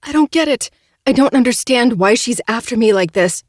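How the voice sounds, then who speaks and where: A man voicing a fierce, panicked young woman in an audiobook reading, talking in a sharp, urgent way. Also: sits high, steady tone, normal speed, no echo, studio quality, voice pushed up. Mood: angry.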